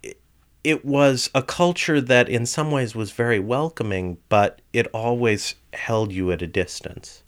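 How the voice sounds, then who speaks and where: A middle-aged man telling personal stories in an animated storytelling manner. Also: medium pitch, a little slow, hardly any pauses. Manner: animated storyteller, voices people in quotes. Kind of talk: personal storytelling and performed tales.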